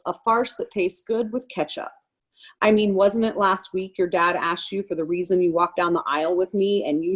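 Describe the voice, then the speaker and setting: A woman's voice: medium pitch, lightly acted. A woman reading a stage monologue cold, voicing a wife who jokes through the pain of a divorce she refuses. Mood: wry, defiant, then sarcastic. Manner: sarcastic, forced laughter over pain.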